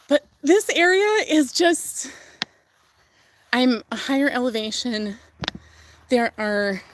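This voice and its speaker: A young woman livestreams a casual tour from outdoors on her farm, chatting in a gushing way full of fillers and laughter. Her voice sits on the high side, with a slight hiss or hum.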